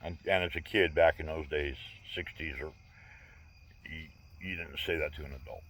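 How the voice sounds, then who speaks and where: A man's voice: very deep voice, fairly even intonation, normal speed, fairly bright tone. A man in his sixties telling personal stories in a candid, rambling way, with wry humor. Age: 60s. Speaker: vlogger. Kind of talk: casual personal storytelling.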